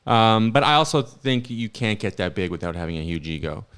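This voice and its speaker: Low, smooth-voiced comedy podcast host. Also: male voice, lively intonation, a little fast, fairly bright tone. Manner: rambling storyteller, trails off and restarts, laughs a lot. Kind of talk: casual comedy chat.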